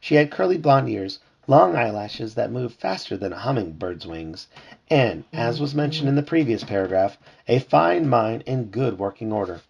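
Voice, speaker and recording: A man reading a storybook aloud to his child at home, lively and putting on character voices. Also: medium pitch, moderate pace, vocal fry, husky, dull audio.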